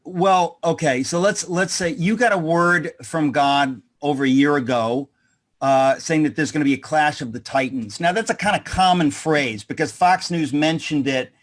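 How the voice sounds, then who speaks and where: A man hosting a conversational interview, speaking in a thoughtful, halting way with frequent restarts. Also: fairly high pitch. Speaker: host.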